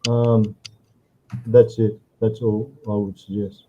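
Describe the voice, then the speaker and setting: A man's voice: fairly low pitch, flat delivery, slow pace, dark tone, slight background noise. Patient man tutoring over a dull call. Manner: patient, tags sentences with "okay?" and "all right?". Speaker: English tutor. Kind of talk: online tutoring session. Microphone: video call.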